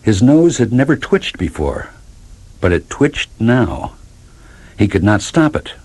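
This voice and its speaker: Man, children's story reading, low husky voice, lively pitch. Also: measured pace. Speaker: narrator. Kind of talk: storybook read-aloud.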